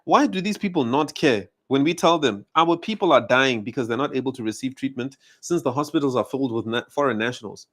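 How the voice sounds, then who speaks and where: A man's voice: medium pitch, lively intonation, brisk, hardly any pauses, fairly bright tone. A man from South Africa with a South African accent, delivering an angry, emphatic, accusatory monologue to camera and hammering his points with repetition. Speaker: commentary channel host. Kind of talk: heated monologue rant.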